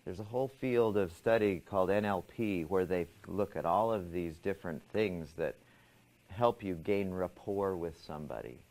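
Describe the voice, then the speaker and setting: A man's voice: low voice, moderate pace, a little mellow. A man teaching a class, asking students questions and explaining ideas step by step. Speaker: instructor.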